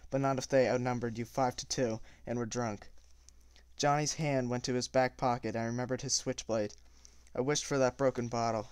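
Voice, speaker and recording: A man reading a novel aloud at a steady pace, with small slips and self-corrections. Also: medium pitch, clean tone, dry recording, clean studio sound. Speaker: audiobook reader.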